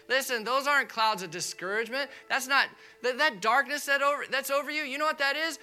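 A man preaching a sermon in a church, urging his congregation on with fervent, repetitive exhortation that swells to loud preaching. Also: very high-pitched, brisk, few pauses. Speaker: pastor. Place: church sanctuary.

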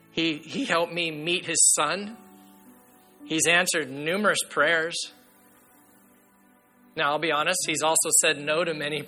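With a slightly high voice, a man preaches as pastor, his delivery earnest and forceful, occasionally falling to a hush.

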